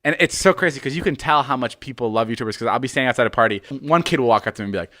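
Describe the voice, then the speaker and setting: Animated young man telling stories. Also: mid-range voice, racing, no room sound, clean studio sound. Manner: animated storyteller, acts out quotes in shifting voices. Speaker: podcast host. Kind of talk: casual podcast chat.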